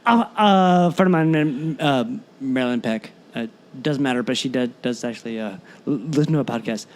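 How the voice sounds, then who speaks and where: A man co-hosting a podcast in casual chat, animated and rambling, often stumbling over his words. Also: mid-range voice, moderate pace, a little hiss or hum. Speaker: podcast co-host.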